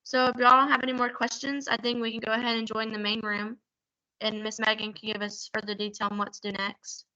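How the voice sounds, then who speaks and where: Fast-talking teen girl presenter. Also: on the high side, little pitch movement, pushed and bright, dull audio. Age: teens. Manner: fast-talking, chatty, slight stutter. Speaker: youth workshop presenter. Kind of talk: casual online presentation.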